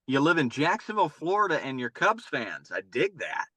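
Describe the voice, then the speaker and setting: Very animated and speaking at a normal speed, this man has a slightly high voice that sounds pushed and bright, with no echo. He's a middle-aged youth baseball coach from North Carolina, telling long, rambling stories in a casual interview and often repeating his words.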